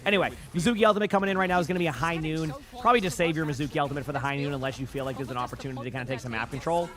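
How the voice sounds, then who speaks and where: A man streaming live, giving rapid esports commentary in auctioneer-like patter as he reacts to a pro match. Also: a little high, steady tone.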